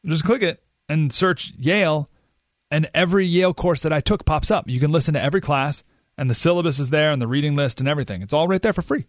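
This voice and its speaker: A radio host talks casually in a studio monologue, rambling in a self-deprecating way and often laughing at himself. His voice is a little high and quick, captured with clean studio sound and no room echo.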